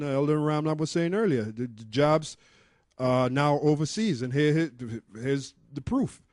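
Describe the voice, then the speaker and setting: A man with a somewhat high voice reads an article aloud and explains it in an earnest way. His voice sounds dry and close, with no room echo. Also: a little mellow. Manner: earnest, explanatory, with fillers and restarts. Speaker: member of a religious group presenting research. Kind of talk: reading out and commenting on an article.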